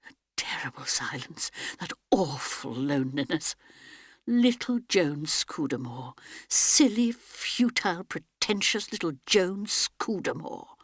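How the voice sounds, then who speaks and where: A woman's voice: low voice, slightly rough, no echo, clean studio sound. A woman narrating an audiobook dramatically, often dropping to a whisper.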